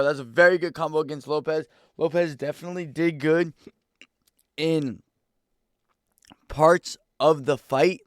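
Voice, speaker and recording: A young man giving a casual, excitable fight reaction, rambling in slang. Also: on the high side, no echo, clean studio sound. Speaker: MMA reaction YouTuber.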